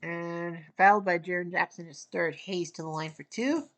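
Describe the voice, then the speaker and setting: Clipped play-by-play woman from Canada. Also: lowish voice. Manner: clipped, rapid calls, wry asides, rising excitement near the end. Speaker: play-by-play commentator. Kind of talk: casual solo play-by-play of a basketball video game.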